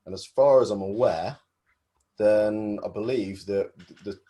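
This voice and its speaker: A man's voice: on the low side, measured pace, mellow. A man, a guest explaining wiring rules in a hesitant, explanatory way on a casual podcast. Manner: hesitant, explanatory, many fillers. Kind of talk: casual chat.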